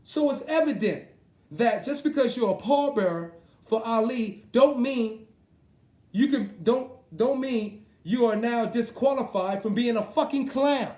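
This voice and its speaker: A man ranting about boxing to his live viewers, heated and swearing constantly, swinging between loud outbursts and low muttering. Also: a little slow, echoey room. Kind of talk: profane off-the-cuff rant.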